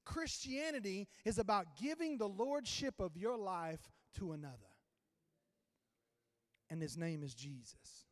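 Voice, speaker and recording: Male pastor, high voice, storytelling sermon, long church reverb. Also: animated, measured pace. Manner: storytelling, with sudden swings in loudness. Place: church sanctuary.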